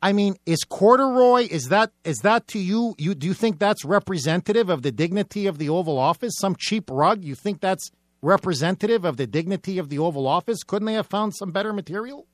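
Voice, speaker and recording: A man's voice: sits high, expressive, fairly quick, no room sound, clean studio sound. A man hosting a political talk radio show, delivering a combative, mocking monologue with repetitive rhetorical build-ups.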